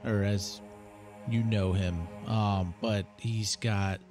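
A man narrating as game master, halting and full of fillers as he describes visions. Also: fairly low pitch, fairly even intonation, music in the background.

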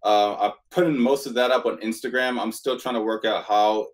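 A man's voice: lowish voice, fairly even intonation, brisk, low-quality recording. A man guesting on a podcast, talking in a laid-back, hesitant way with plenty of "uh" and "um" fillers. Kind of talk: casual conversation.

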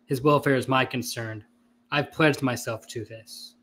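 A man voicing a weary, guarded older male military chief in a slow, measured read. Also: mid-range voice, steady tone, fairly bright tone, slight background noise, close to an everyday voice.

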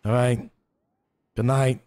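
A man teasing a housemate in casual role-play banter, deadpan and dry. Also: slow, smooth. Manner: teasing, deadpan, lively pitch. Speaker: role-play player character.

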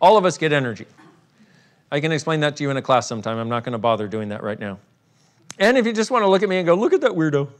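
A man's voice: a little high, very animated, very fast. A man leading a live workshop for an audience, irreverent and playful, joking, swearing and laughing as he talks. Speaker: workshop facilitator.

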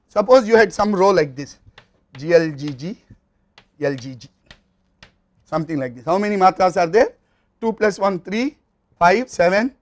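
A man with an Indian English accent giving a university lecture, explaining step by step in a measured way with occasional fillers and restarts. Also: sits high. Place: recording studio or classroom.

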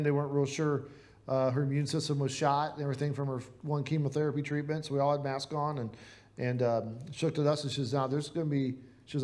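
A man's voice: on the high side, a little mellow. A man with a Midwestern American accent preaching a sermon in a church, earnest and conversational, asking the congregation rhetorical questions. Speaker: pastor.

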